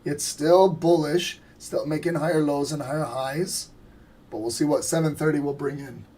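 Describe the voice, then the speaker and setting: A man with a raspy voice hosting a live trading stream, casually joking and thinking aloud as he calls the charts. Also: on the high side, steady tone, moderate pace, dark tone.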